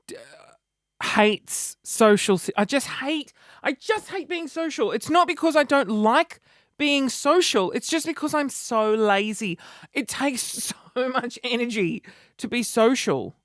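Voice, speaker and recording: A man's voice: very high voice, no room sound, clean studio sound. A man in his thirties chatting casually to camera in a self-mocking, dramatic way. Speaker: vlogger.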